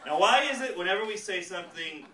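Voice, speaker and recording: A male stand-up comedian doing a set on a comedy club stage, animated and jumping into loud character voices, with audience laughter behind him. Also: sits high, quick pace, a loud crowd, heavy background noise. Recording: roomy live club sound from a distance.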